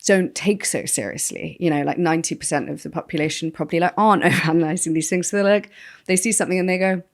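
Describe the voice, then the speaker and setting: A British woman with a low-pitched voice, co-hosting a casual podcast. She talks in a chatty, analytical way and sometimes reads listener letters aloud. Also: quick pace. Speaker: podcast co-host. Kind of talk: casual chat.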